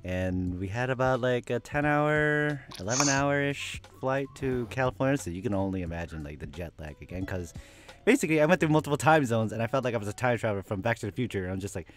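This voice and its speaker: A man's voice: medium pitch, quick pace, faint music behind. A man hosting a casual podcast, telling travel stories in a chatty way into a desk microphone. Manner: chatty, animated storyteller. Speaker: podcast host. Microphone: desk USB microphone.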